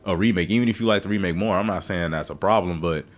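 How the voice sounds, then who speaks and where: Deep-voiced man with teasing podcast banter. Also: fast talker. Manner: teasing, joking banter with slang and swearing. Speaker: podcast co-host. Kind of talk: casual chat.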